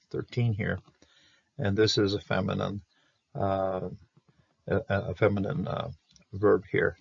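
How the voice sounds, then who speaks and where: A man with a low, gravelly voice walks through Hebrew grammar verse by verse, halting often with fillers and restarts. The recording is dry and muffled, with a dull top end. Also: no echo. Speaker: Bible Hebrew teacher.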